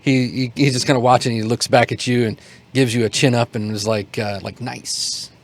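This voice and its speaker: A man narrating as game master of a tabletop game at a middling pitch. He talks in a rambling, halting way and circles back with plenty of fillers and restarts. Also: fairly even intonation.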